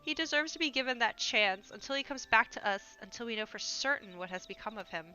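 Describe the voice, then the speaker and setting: A woman voicing an earnest, compassionate young woman adventurer, reading game dialogue aloud in a gentle, pleading way. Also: fairly high pitch, expressive, fast talker, lo-fi sound, faint music behind. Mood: tender, earnest.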